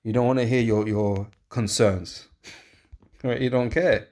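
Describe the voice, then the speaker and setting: A man's voice: mid-range voice, fairly even intonation, takes it slowly, darkish tone. A man preaching informally, rambling and emphatic, with many fillers and tag questions. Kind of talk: informal preaching with scripture reading.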